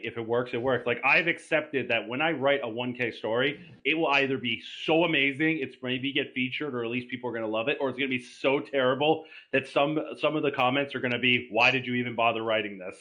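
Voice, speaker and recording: A man guesting on a podcast, telling bawdy stories in a casual, animated way and shouting the punchlines. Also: mid-range voice, quick pace, hardly any pauses, low-quality recording. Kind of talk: casual crude podcast chat.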